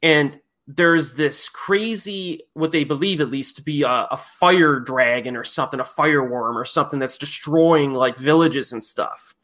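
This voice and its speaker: A man's voice: on the high side, normal speed, hardly any pauses, a bit bright. A man hosting a casual movie podcast, retelling film plots with enthusiastic, rambling energy. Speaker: podcast host.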